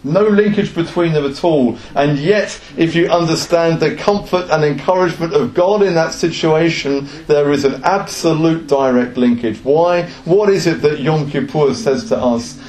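Earnest male preacher, sermon delivery, slightly high pitch, echoey room. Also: darkish tone. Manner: earnest, with rhetorical questions.

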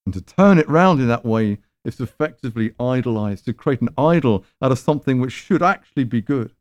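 A man's voice: mid-range voice, lively intonation, a little fast, dry recording. A man preaching a sermon in a conversational, emphatic way, with rhetorical questions.

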